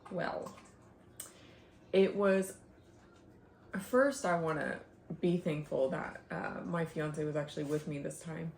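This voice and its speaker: A woman's voice: on the low side, gravelly, a little mellow, echoey room, a little hiss or hum. A young woman, a stay-at-home mom, chatting casually at home in a rambling way, often laughing and sighing. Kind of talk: casual chat to camera. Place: home, indoors.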